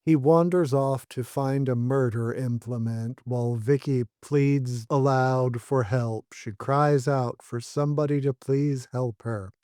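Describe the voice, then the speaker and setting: A man's voice: medium pitch, steady tone, measured pace, hardly any pauses, mellow, dry recording, clean studio sound. A man co-hosting a podcast, casually chatting and recapping episodes with wry humor. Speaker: podcast co-host.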